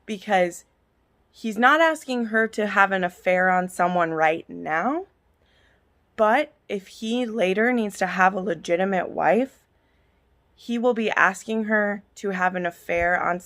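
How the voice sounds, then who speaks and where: A woman's voice: mid-range voice, measured pace, a bit bright. A woman in a casual vlog rant, heated and passionate, swearing freely as she reviews a book. Her voice sits in a middle register. She sounds irritable, as someone on pain medication.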